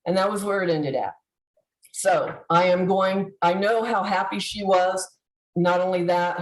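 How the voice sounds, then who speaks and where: A woman giving a heartfelt tribute over a video call, halting with fillers and restarts. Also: on the low side, echoey room, poor audio. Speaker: convention presenter.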